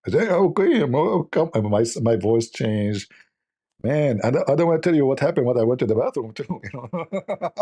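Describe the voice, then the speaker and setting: A man's voice: mid-range voice, brisk, warm tone. A man from the Middle East with an Arabic accent, hosting a casual livestream chat and telling rambling, joking stories full of "you know". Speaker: livestream host.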